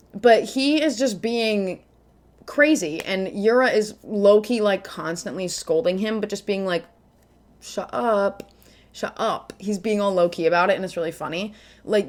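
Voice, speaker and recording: Chatty young woman reviewing comics. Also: mid-range voice. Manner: chatty and joking, full of "like" asides. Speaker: manga reviewer and YouTuber. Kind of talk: casual video commentary.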